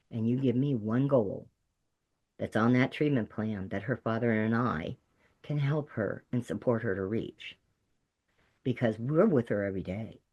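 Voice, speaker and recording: A woman's voice: a bass voice, mellow, lo-fi sound. A middle-aged woman from Texas, a peer support specialist, giving an earnest and emphatic personal testimony. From Texas, USA.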